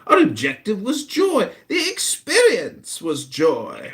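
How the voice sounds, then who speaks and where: This is a man from the United States in his forties, far up in pitch for a man. His voice leaps around as he rants and jeers at a critic during an online room debate. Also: huge pitch swings, slow. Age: 40s. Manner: loud, mocking, ranting insults. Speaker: political candidate hosting an audio chat room. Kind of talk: heated online chat room argument.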